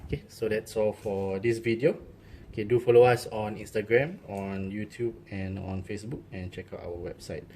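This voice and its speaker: A man's voice: on the low side, fairly even intonation, normal speed, mellow, slight background noise. A man demonstrating a word game casually, saying okay often and counting points aloud.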